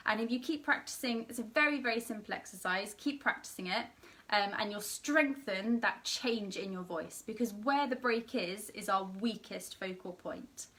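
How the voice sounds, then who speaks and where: Brief: young female vocal coach, tired voice, bright tone, sits back from the mic. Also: a little high, recorded from a distance. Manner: demonstrates sung vowels between explanations. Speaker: singing teacher. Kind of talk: online singing lesson.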